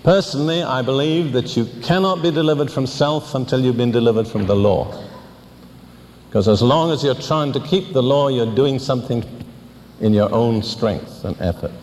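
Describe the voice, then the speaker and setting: An older man preaching a sermon, teaching deliberately and asking pointed questions. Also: medium pitch, a little mellow, big-room sound, slight background noise.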